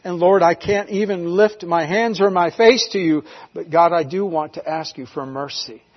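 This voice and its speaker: A man voicing a repentant tax collector begging God for mercy, in a sermon. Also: moderate pace. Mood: pleading. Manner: pleading, lowly. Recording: slightly dull lo-fi recording.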